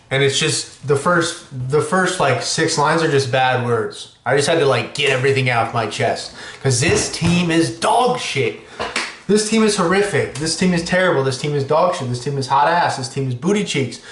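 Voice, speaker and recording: A man hosting a sports podcast, ranting excitably and cursing freely. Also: a little high, reverberant, slight background noise. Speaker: podcast host.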